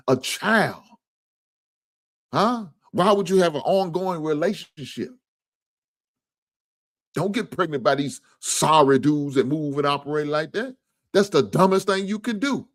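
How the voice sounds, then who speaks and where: A man's voice: animated, measured pace. Profane, preachy male sports-talk host. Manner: preachy, profane, swings from low grumble to high outraged shouts. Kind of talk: casual commentary on a video.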